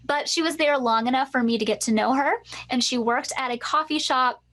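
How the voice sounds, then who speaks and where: A woman with a fairly high voice co-hosts an empowerment masterclass. She tells her own story earnestly and with lively energy, speaking straight to her listeners. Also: fairly quick. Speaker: empowerment coach, co-host.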